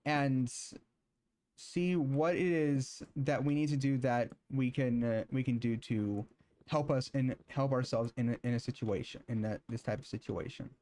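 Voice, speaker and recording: A man streaming, talking casually and then reading scripture aloud in a halting way, with many filler sounds and restarts. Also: medium pitch, fairly even intonation, mellow.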